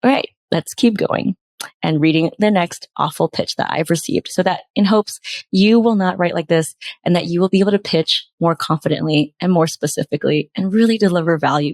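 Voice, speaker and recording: A woman podcast host reading out bad pitches and critiquing them with exasperated, sarcastic commentary. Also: no room sound.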